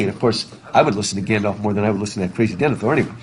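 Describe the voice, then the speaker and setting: A man's voice: on the low side, rapid-fire, rough recording. A male literature teacher talking casually and ramblingly to his class, laughing easily. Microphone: masked, recording his own class.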